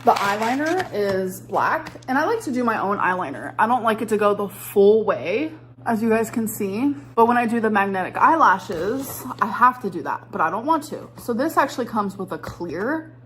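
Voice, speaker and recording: A woman's voice: medium pitch, expressive, normal speed, fairly bright tone, slight background noise. A woman talking casually in a vlog, ending her phrases with a rising upward inflection. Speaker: vlogger.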